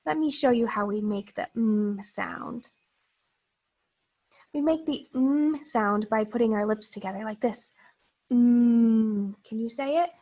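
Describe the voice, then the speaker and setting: A woman teacher giving a phonics lesson to young children, reading a picture book aloud and modeling sounds in a slow, exaggerated, encouraging way. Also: a little high, darkish tone, breathy edge, rough recording.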